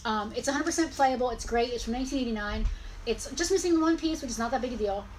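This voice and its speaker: A woman in her forties with a high, bright-sitting voice hosts a live-stream sale of old toys. She talks in a chatty, rambling way and catches and corrects herself as she goes. A faint hiss sits under her voice. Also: fast talker, low-quality recording. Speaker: host selling collectibles. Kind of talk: casual live-stream sales chat.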